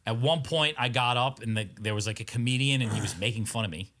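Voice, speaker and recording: A man with a Long Island New York accent spins a long, profane story for his podcast co-hosts. His voice is bright and forward, and he wanders through the tale with plenty of asides. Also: medium pitch, fast talker. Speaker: podcast co-host. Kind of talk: casual chat.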